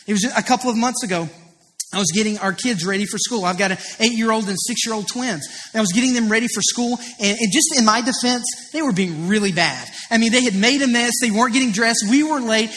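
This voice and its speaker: A pastor in his thirties preaches in a large, reverberant church auditorium. His high, sharp voice is earnest and confessional, and his stories build with rising emphasis.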